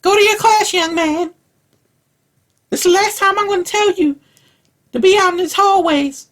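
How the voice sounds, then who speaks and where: Man mimicking a shrill, bossy old schoolteacher. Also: normal speed, a bit bright. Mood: scolding. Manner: shrill scolding orders. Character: stern old woman schoolteacher, bossy and scolding.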